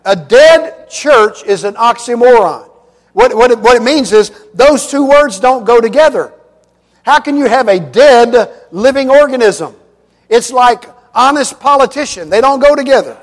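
A man with a very high voice preaches in a church sanctuary, his words ringing with a long reverb. He drives his points home through repetition and mixes in light jokes. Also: lively intonation, a little slow. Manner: emphatic, repetitive preaching with humor. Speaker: pastor. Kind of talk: sermon.

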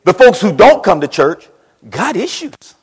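A man preaches in a church, his husky voice pitched high and leaping all over the place. He drops to a near whisper, then climbs to a shout. The sound carries a long hall reverb. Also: very animated, a little slow. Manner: dramatic, swings between hushed and shouting. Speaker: pastor. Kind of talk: sermon.

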